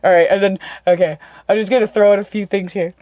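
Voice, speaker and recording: A woman's voice: mid-range voice, fairly even intonation, quick pace, warm tone, dry recording. Woman podcasting, swears every other word, dry close sound. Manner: swears constantly, laughs through stories. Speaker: podcast host. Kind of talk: casual storytelling chat.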